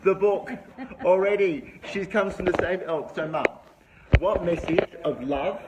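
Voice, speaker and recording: Chatty man livestreaming, upbeat, slightly higher voice. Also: a little slow, lo-fi sound. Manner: chatty, enthusiastic, greets viewers by name. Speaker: livestream host. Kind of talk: live-streamed vlog chat. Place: indoor room with a window view. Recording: noisy livestream audio.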